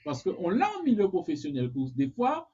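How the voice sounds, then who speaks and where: A host in casual conversation, talking in a relaxed way and mixing French and English. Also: medium pitch, brisk, highs cut off, slight background noise. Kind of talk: casual chat.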